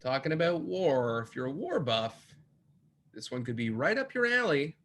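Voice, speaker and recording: A man's voice: on the high side, very animated, moderate pace, fairly bright tone. A man hosting an online pub trivia night. He reads and repeats each question and adds playful, jokey asides. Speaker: trivia host.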